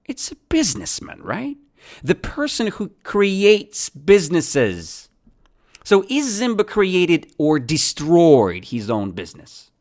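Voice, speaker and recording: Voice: medium pitch, huge pitch swings, takes it slowly, a little mellow. An English teacher giving a podcast lesson, asking simple questions and answering them, repeating key words.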